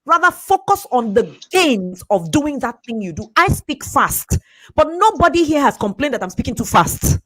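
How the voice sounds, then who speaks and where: A woman giving a fast, emphatic motivational talk, laughing often. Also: sits high, very animated, a bit bright. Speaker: speaker and coach.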